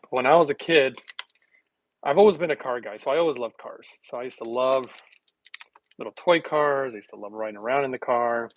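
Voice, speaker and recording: Talking fairly quickly in a mid-range voice, a middle-aged man from the United States vlogs casually from home in a rough recording. He wanders off topic, laughs a lot and jokes at his own expense.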